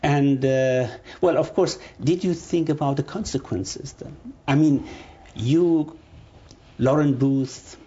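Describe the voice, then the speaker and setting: An interviewer asking measured questions, with many fillers and murmured agreement. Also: medium pitch, mellow, slightly rough. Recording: muffled, dull audio.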